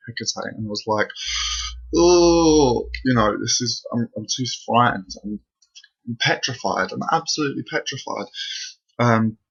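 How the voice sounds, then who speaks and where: This young vlogger's spooky personal tale comes out breathless and rambling, heavy on fillers, as he chats casually to camera in his bedroom. His voice runs on the low side with vocal fry, a fairly bright tone, and a breathy edge, all in a dull lo-fi home recording.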